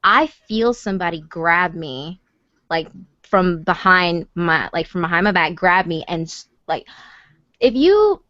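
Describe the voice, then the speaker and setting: A woman caller telling a story in casual chat, lively and full of fillers as she acts out what people said. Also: lowish voice, measured pace, no room sound, muffled recording. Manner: animated, acts out quoted voices, many fillers.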